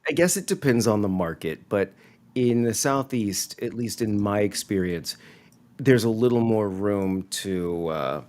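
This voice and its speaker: A man co-hosting a casual chat, asking questions and speaking in a calm, measured way. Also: on the low side. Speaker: co-host, commercial actor.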